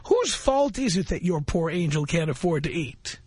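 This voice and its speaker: A man's voice: fairly high pitch, big pitch swings, normal speed, a little mellow, breathy edge, no room sound. A man hosting a talk radio show, reading a listener's message aloud and mocking it with sarcastic scolding.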